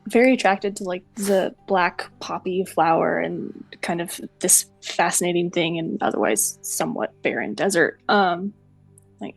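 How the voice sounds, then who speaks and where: A woman's voice: fairly low pitch, lively intonation, unhurried, creaky, slightly rough, dry recording, soft background music. A woman playing a tabletop game, describing her character casually with lots of fillers. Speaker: player.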